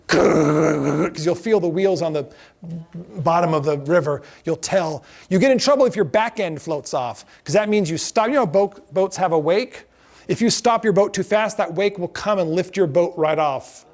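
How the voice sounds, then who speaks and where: A middle-aged man giving a lecture to a class, telling lively anecdotes and acting out the quotes. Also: sits high. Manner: animated storyteller acting out quotes.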